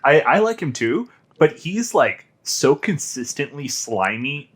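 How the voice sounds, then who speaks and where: Male podcast co-host, husky, animated pitch, laid-back and jokey. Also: a little slow. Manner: laid-back, joking, swears casually. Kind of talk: casual book club discussion.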